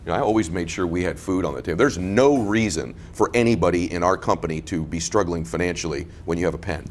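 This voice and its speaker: A man's voice: sits low, quick pace, a little hiss or hum. A middle-aged man telling his business story in a casual interview, blunt and emphatic, repeating his points and laughing through his anecdotes.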